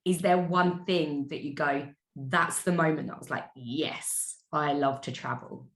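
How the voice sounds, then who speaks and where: Low-voiced woman host in an echoey room. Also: steady tone, unhurried. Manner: engaged interviewer asking questions. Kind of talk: casual chat.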